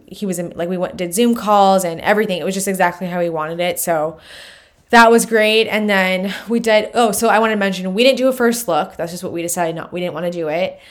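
A young woman co-hosting a podcast, chatting casually in a halting way with many pauses and "um"s. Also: lowish voice. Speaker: podcast co-host. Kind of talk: casual chat.

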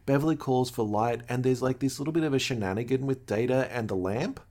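A man co-hosting a podcast, casual and relaxed, explaining points. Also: medium pitch, fast. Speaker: podcast co-host. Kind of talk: casual chat.

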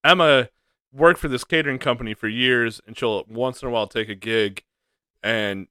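A man's voice: mid-range voice, moderate pace, sharp tone, clear, resonant tone, no echo, clean studio sound. A man co-hosting a podcast, chatting casually, asking questions and laughing easily. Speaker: podcast co-host. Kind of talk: casual chat.

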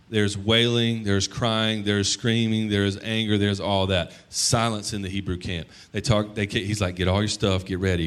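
A man in his thirties delivers a sermon in a relaxed, conversational way. His voice sits a little low, and he tells the story with animated energy, with sudden loud bursts. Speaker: pastor.

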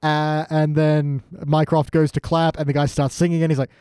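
A man's voice: on the high side, little pitch movement, normal speed, warm tone, clear, resonant tone, no room sound, clean studio sound. A man co-hosting a casual rewatch chat, wry and joking, acting out lines from the show. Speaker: podcast co-host.

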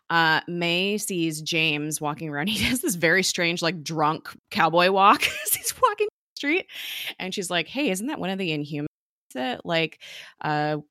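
A woman's voice: on the low side, bright, forceful tone, no echo, studio quality. A woman recapping a TV episode in casual chat, talking in a chatty, filler-heavy way and laughing often, recorded at home. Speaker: podcast co-host recapping a TV episode. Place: home office.

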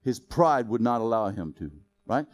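A man preaching a sermon in a lively, joking way, quizzing the congregation with questions. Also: medium pitch, normal speed. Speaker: pastor.

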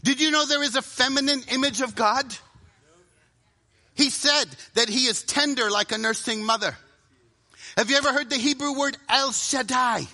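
A middle-aged man preaching a sermon to a live audience, dramatic, often dropping to a hushed voice for emphasis and acting out inner voices. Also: extremely high pitch, moderate pace.

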